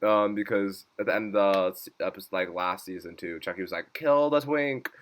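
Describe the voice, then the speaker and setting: An excitable man in casual recap mode, his voice bright and cutting. He swears freely, laughs often and jumps up high when something delights him. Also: brisk. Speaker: YouTube reviewer.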